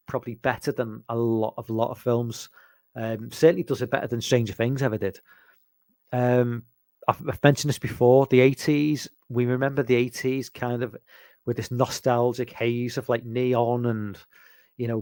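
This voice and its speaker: A man's voice: medium pitch, a little mellow, dry recording. Rambling English man chatting about films. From England. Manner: rambling, hesitant, lots of ums and restarts. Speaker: podcast host. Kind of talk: casual chat about horror films.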